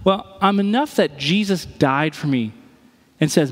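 High-voiced male pastor in a reverberant hall. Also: a little slow. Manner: expressive, acts out everyday scenes in different voices. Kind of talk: sermon.

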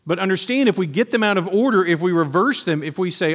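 A man's voice: high-pitched, quick pace, hardly any pauses. A man preaching a sermon in a conversational way, often acting out quoted voices. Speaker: pastor. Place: church sanctuary. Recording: long hall reverb.

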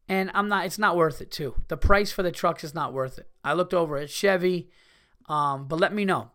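A man hosting a casual solo podcast, ranting in a profane, animated way. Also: a little high, fast talker. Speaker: podcast host.

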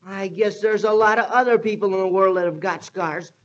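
Playing the eager young Joe, Annie's loyal pal who speaks folksily and keeps saying "shucks," a woman in a 1930s radio drama talks briskly in a mid-range, everyday-sounding voice. The audio is dull, lo-fi 1930s radio.

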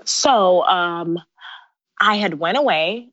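A woman's voice: lowish voice, slow pace, no echo. A woman in her thirties, a bridal designer, telling stories in a casual interview with frequent laughs. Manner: animated, laughs often while telling stories. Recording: dry, slightly dull podcast audio.

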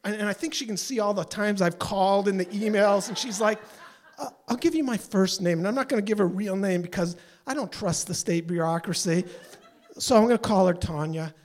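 A man in his sixties telling a story live on stage, exasperated and animated, acting out the people he quotes. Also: sits high, fairly quick. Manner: exasperated, animated, mimics voices.

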